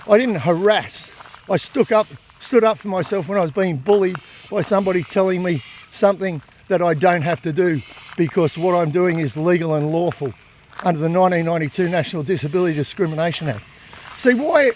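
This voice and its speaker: Indignant and defiant, a high-voiced Australian animal rights activist with a darkish tone raises his voice to make his points. He records the impassioned monologue and confrontation on a phone camera he holds himself, with slight background noise.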